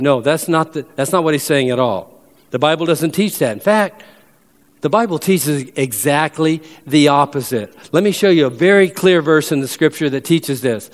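A man delivering a sermon, his voice sitting a little high for a man. He presses his points with emphasis and slows down to read scripture aloud. The sound carries a long reverb, as in a large hall. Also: expressive. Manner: emphatic preacher who slows down to read verses. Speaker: pastor.

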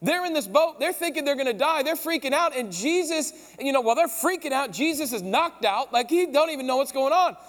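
A pastor delivers a sermon with a notably high voice, retelling the story in a casual, lively way full of slang. His voice carries a long reverb tail from a large hall. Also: a little fast, hardly any pauses.

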